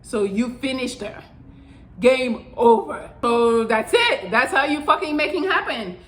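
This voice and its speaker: A woman's voice: a little high, expressive, unhurried, fairly bright tone. A young woman hosting her own vlog, giving casual how-to advice in a blunt, profane way and often saying "I'm telling you". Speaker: channel host. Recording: roomy echo.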